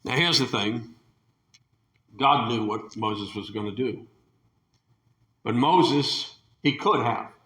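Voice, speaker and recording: A man's voice: mid-range voice, takes it slowly, pauses often, a bit bright, roomy sound. A man preaching a sermon in a fervent way, building to emphatic peaks and sometimes restarting his sentences.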